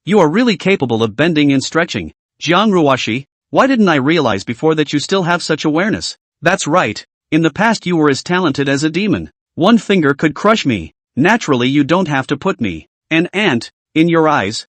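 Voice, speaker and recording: A man's voice: on the high side, big pitch swings, moderate pace, few pauses, no echo. A man reading the lines of a cold, scornful young emperor taking revenge.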